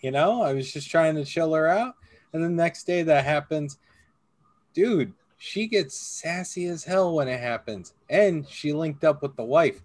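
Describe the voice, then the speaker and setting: Crude, animated man telling stories on a dry mic. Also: fairly high pitch, a little slow, no room sound. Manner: crude, animated storyteller who acts out quoted voices. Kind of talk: casual chat.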